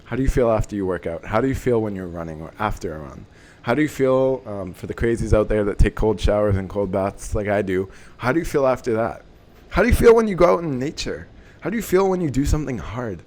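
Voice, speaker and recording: Young man, fairly low voice, casual motivational vlog talk, swears a lot, lively emphasis. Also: quick pace. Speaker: self-help vlogger.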